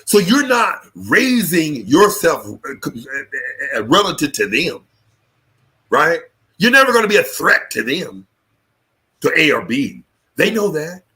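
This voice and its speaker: A man's voice: fairly high pitch, sing-song, measured pace, sharp tone. A man hosting a live talk show, delivering a fiery, profane political rant. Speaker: show host.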